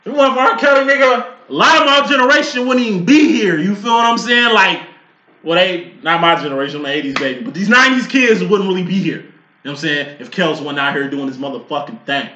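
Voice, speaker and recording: High, bright-voiced man. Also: fast, echoey room, lo-fi sound. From Chicago. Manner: profane, rambling, bursts into loud outbursts. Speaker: tarot reader. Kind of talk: casual tarot reading talk.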